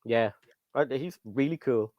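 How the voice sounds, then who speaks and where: A man's voice: medium pitch, measured pace, no room sound, muffled recording. A man with a British accent hosting a casual livestream chat, rambling and reading viewer comments aloud. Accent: British English. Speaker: livestream host.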